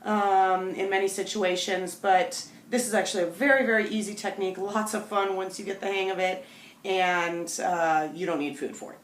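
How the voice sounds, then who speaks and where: Calm woman dog trainer, mid pitch, explains step by step to camera; roomy echo. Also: normal speed, slight background noise. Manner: calm, explanatory, talks directly to viewers. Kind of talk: instructional demonstration to camera. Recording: echoey room.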